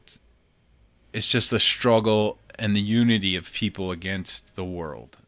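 Man podcast co-host, lowish voice, earnest, halting, dry close sound. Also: fairly bright tone, dry recording. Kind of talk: casual chat.

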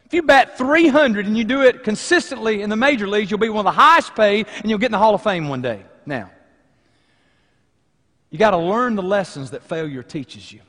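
Male pastor, high-pitched, dynamic pulpit delivery in a reverberant church hall. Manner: dynamic preaching, swinging between loud emphasis and hushed lines. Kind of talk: sermon. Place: church sanctuary.

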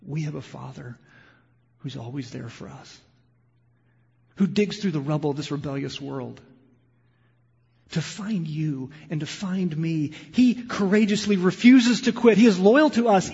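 Preaching man with a gravelly voice. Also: fairly high pitch, expressive, unhurried. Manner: impassioned preaching, shifting from loud emphasis to quiet storytelling. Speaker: pastor. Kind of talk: sermon. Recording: lo-fi sound with long hall reverb.

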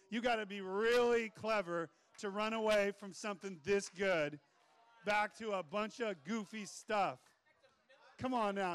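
High-voiced, animated male preacher. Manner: animated, joking, acts out voices. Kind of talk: energetic sermon. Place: room with an audience.

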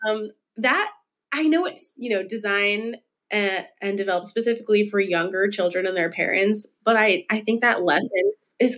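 A woman's voice: fairly low pitch, a bit bright. A woman clinical psychologist, a podcast guest, explaining her work in a conversational way and stretching out the words she wants to stress. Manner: explanatory, with stretched emphasis on key points. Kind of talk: conversational interview.

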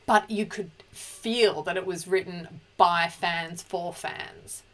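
A woman's voice: fairly low pitch, slow pace, a bit bright. A woman co-hosting a casual pop culture chat, emotional and chatty, often restarting her sentences. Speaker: podcast co-host.

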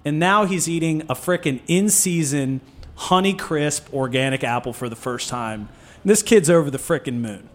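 A man co-founding a food nonprofit, talking in an animated, swearing, storytelling way in a casual podcast interview. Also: fairly high pitch, normal speed.

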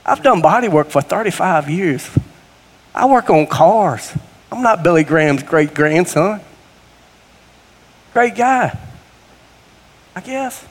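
A middle-aged man preaches in a folksy, conversational way, his fairly high voice rising now and then into bursts of fervor. He speaks in a church sanctuary, and the sound hangs in a long hall reverb. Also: expressive, slow pace, long pauses. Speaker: guest preacher. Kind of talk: sermon.

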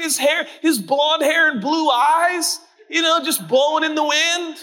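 A man preaching a sermon who swings between loud, dramatic shouting and hushed, low asides. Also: fairly even intonation, normal speed, hardly any pauses. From Portland, Oregon. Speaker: pastor.

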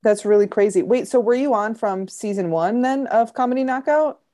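A woman's voice: on the high side, moderate pace, dark tone. A woman co-hosting a casual chat, asking questions and making jokes. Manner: joking interviewer.

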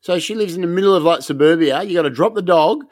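A man's voice: sits high, quick pace, a little mellow, no echo, clean studio sound. An Australian man co-hosting a podcast, telling sweary, laid-back stories in casual banter. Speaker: podcast co-host.

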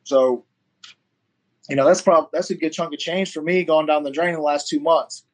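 A man's voice: fairly high pitch, fairly even intonation, normal speed, low-quality recording. A man, a fighter and firefighter, telling a long story in casual interview chat, swearing freely and acting out what others said. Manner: rambling storyteller, swears freely, acts out quotes.

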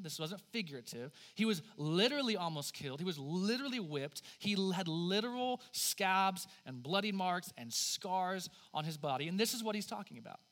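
A man in his thirties preaching a sermon as pastor, swinging from forceful emphasis to hushed, near-whispered lines. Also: high-pitched. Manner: dynamic preaching, dropping to hushed near-whispers for God's words.

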